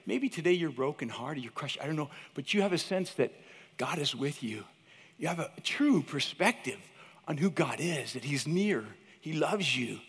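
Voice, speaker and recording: A man in his fifties, a teacher giving a chapel talk, who tells stories in an animated, chatty way and keeps calling the listeners "you guys". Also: on the high side, moderate pace, slightly rough. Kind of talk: storytelling sermon. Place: large hall with an audience. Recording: long hall reverb.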